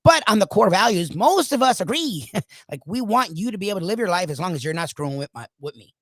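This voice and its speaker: Hoarse, emphatic sports talk host. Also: male voice, high voice, fast, dry recording, poor audio. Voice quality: animated, emphatic, ranting. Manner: opinionated, swings between loud bursts and quiet asides. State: hoarse from coaching. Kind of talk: solo monologue on a talk show.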